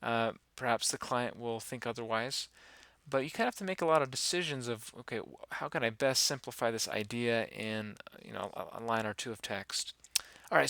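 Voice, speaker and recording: A man giving a relaxed, rambling software tutorial, talking through each step with many fillers. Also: medium pitch, no room sound. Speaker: animation instructor. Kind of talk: screen-recorded software tutorial.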